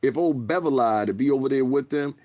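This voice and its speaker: A man's voice: mid-range voice, a little fast, a little mellow, no echo. A man giving a blunt, profane livestream rant, heated and rambling, repeating himself as he goes. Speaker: livestreamer and commentator.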